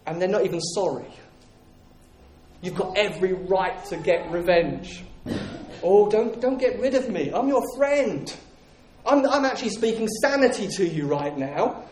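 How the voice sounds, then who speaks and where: A man's voice: high-pitched, animated, unhurried. A man voicing a sly, coaxing inner stronghold. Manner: soft, coaxing, hushed. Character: sly, wheedling inner stronghold posing as a friend. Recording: echoey room.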